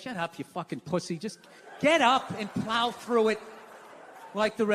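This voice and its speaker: A man doing a stand-up comedy routine, ranting with profanity in an exasperated, animated way. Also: high voice, normal speed, long pauses, a little hiss or hum.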